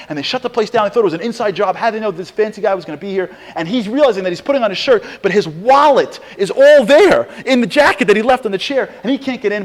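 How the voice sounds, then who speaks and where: Middle-aged guy telling a sermon story, voice a bit high, acts out all the quotes. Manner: animated storyteller, acts out quotes, rising intensity. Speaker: speaker giving a Torah talk.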